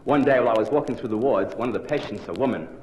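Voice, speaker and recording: A man's voice: mid-range voice, very fast, darkish tone, a little hiss or hum. A man in his forties, a psychologist giving a theatrical, punchline-driven comic lecture to a live audience. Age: 40s. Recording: roomy live hall on early 1960s vinyl. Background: audience laughter.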